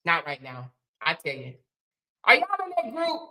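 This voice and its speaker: A woman hosting a casual livestream, repeating her points for emphasis and thanking viewers warmly by name. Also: deep voice, wildly swooping pitch, normal speed. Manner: emphatic, repeats phrases, preachy then affectionate. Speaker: livestream host. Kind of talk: casual livestream chat reading super chats.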